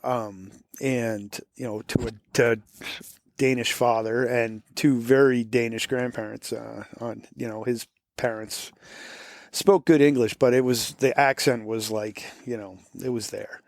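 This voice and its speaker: A man's voice: medium pitch, fairly even intonation, unhurried, creaky, darkish tone, no echo, clean studio sound. A man from Florida with a faint Boston accent, chatting in an interview and rambling with many fillers and restarts. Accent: American, faint Boston. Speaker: musician guest. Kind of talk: casual interview chat.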